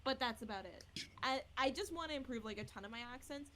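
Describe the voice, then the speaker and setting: A woman's voice: sits high, expressive, fast, sharp tone, slight background noise, low-quality recording. A woman hosting a casual podcast, chatty and self-deprecating, often laughing at herself. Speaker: podcast host.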